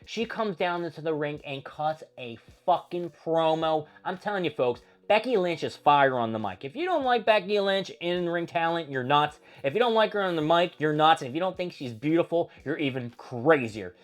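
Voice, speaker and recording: A man hosting a show, recapping a wrestling feud in a casual, profane, animated storytelling manner. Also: fairly high pitch, normal speed, hardly any pauses. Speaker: host.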